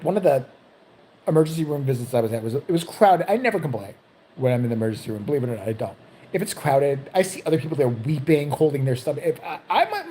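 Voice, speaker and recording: A woman vlogger with a rumbling low voice tells a story in a casual, profane, animated way, jumping into other people's voices.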